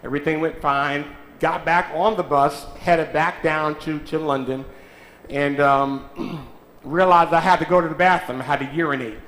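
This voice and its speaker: A man's voice: a little high, fairly even intonation, moderate pace, fairly bright tone. A man preaching a sermon in a church, calling out to the congregation and teasing them. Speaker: pastor. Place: church sanctuary. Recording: echoey church sanctuary.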